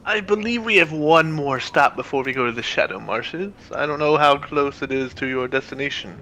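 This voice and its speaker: A man's voice: a little high, moderate pace, bright, forceful tone, a little hiss or hum. A man playing a ship captain in a tabletop game, stammering and eager. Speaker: player. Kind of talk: in-character play as a ship captain.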